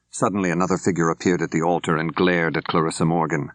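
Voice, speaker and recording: Older man, audiobook narration, low voice, dry studio sound, measured. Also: flat delivery, no echo. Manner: measured, clear, dry storytelling. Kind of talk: scripted narration. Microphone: close studio mic.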